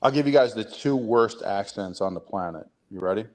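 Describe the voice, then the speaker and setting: A man with a lowish voice trading lively, opinionated takes on a sports talk show. He sounds relaxed and chatty. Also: a little fast. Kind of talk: casual chat.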